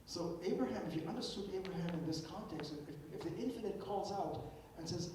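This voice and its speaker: A man's voice: lively intonation, brisk, a little mellow. An older man gives an emphatic philosophical keynote lecture, often repeating words as he restarts a thought. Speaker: keynote speaker. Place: lecture hall. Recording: echoey hall, distant mic, faint rumble.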